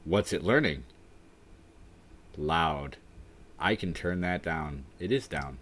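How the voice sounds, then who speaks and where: Low-voiced tired man rambling on stream. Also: expressive, takes it slowly, long pauses, fairly bright tone. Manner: rambling and self-deprecating, trailing off with "I don't know". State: tired and dry-mouthed from the heat. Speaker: livestream host. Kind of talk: casual livestream chat, reading chat aloud.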